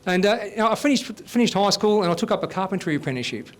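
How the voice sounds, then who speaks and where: A man's voice: sits high, rapid-fire. Aussie man in his fifties doing stand-up. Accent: Australian. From Australia. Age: 50s. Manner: deadpan storytelling with blokey banter. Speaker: host and stand-up comedian. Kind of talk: stand-up comedy set. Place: live comedy stage.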